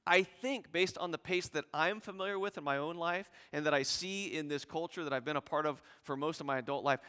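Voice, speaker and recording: A man preaching a sermon as pastor, animated, acting out scripture dialogue with rising intensity. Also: fairly high pitch, clean tone, long reverb tail.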